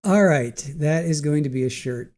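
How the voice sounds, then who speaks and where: Worn out from a long day, this middle-aged livestream host is giggly and punch-drunk, repeating himself as he chats casually with his live chat viewers. He speaks at normal speed in a slightly high, slightly mellow voice.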